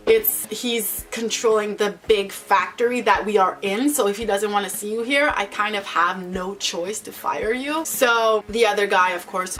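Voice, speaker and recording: A young woman vlogger telling a personal story in a rambling, animated way, full of fillers and restarts. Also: mid-range voice. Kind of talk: casual storytime chat.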